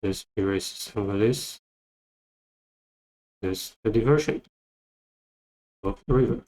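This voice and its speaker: A man teaching English vocabulary, repeating each word and phrase slowly as he explains. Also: lowish voice, a little mellow, poor audio. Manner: repeats words many times, thinking aloud. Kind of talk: slow, repetitive vocabulary lesson.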